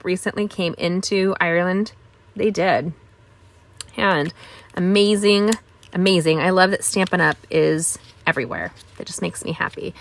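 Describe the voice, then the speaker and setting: Live craft host, woman, middle-aged, chatty and upbeat, mid-pitched voice. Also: fairly bright tone, no room sound. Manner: chatty, greets viewers, enthusiastic asides. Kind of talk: casual live-stream craft demo.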